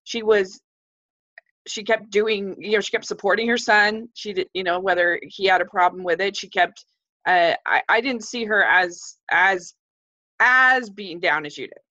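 A woman in a casual film discussion, speaking in a hesitant, measured way with many restarts. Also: mid-range voice, pushed and bright. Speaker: film reviewer. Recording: dull lo-fi sound.

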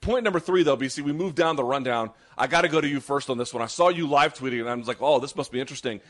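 A man co-hosting a sports talk show, giving fast, animated, opinionated takes. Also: fairly high pitch. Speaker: podcast co-host. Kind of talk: casual sports chat.

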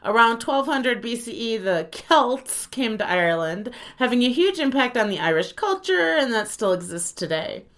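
A woman's voice: a little high, very animated, moderate pace, few pauses, a bit bright. A woman co-hosting a podcast, easygoing and joking as she shares facts. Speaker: podcast co-host. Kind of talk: casual podcast chat.

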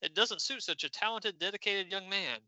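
A woman's voice: mid-range voice, normal speed, sharp tone, no echo, voice pushed up, poor audio. A man reading the lines of a dignified female mentor of the mystic arts who speaks graciously.

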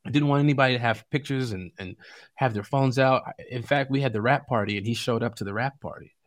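Man guest from Chicago, middle-aged, animated anecdote teller with a middle pitch. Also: fast. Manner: animated, laughing often, acts out quotes. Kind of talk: casual storytelling.

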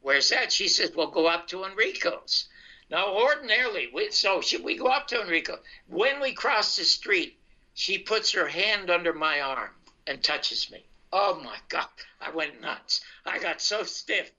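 An older man, a comedian, telling his life story in a casual, animated way and acting out the dialogue. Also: sits high, a little slow. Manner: animated anecdotal, acts out dialogue. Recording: dull lo-fi sound.

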